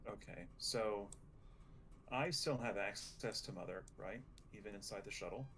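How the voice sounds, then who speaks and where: A man's voice: lowish voice, normal speed. A man playing in a tabletop game, talking casually and asking about the rules. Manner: casual, swears, asks rule questions. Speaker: player. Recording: loud background noise.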